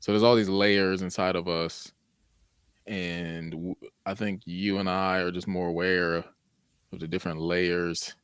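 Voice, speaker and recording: A fairly low-voiced man muses aloud on a podcast, feeling his way through ideas with frequent restarts. The sound is dry and close-miked. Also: little pitch movement, smooth, no echo. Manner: thoughtful, halting, restarts his sentences. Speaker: podcast co-host. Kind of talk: casual reflective chat.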